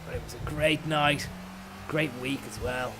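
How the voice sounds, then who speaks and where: Gravelly man rambling comic tales. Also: mid-range voice, measured pace, noisy background. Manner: deadpan tall tales, swearing, trailing mumbles. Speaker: comedian.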